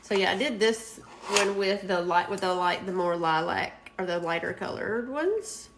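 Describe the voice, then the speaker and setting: A woman's voice: mid-range voice, normal speed, slight background noise. A woman hosting a crafting live stream, chatting in a rambling, chatty way and laughing often. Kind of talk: casual live stream chat.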